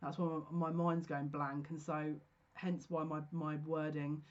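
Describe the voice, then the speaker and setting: A speaker giving a solo psychic reading, talking slowly and haltingly as if receiving messages. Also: mid-range voice, level tone, muffled recording. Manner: slow, searching, stop-start channeling talk. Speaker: psychic tarot reader. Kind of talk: solo general reading to camera.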